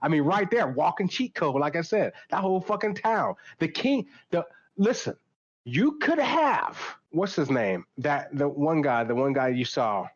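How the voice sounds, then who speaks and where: Excitable high-voiced man, lots of laughing. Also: a little slow, muffled recording. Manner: excitable, laughs often, swears freely. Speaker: podcast co-host, tabletop player. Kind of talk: casual chat.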